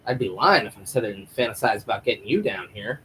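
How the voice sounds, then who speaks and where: A cocky, leering villain who stays smug even when tied up, as a man puts him on in a retelling. The voice stays near the man's own everyday voice. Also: lowish voice, fast talker, noisy background, close to an everyday voice.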